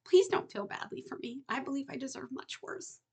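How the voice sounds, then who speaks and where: A woman reading aloud, voicing a meek, forgiving teenage boy who speaks softly. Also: sits high, lively intonation, normal speed, vocal fry, voice pushed up. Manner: meek, soft.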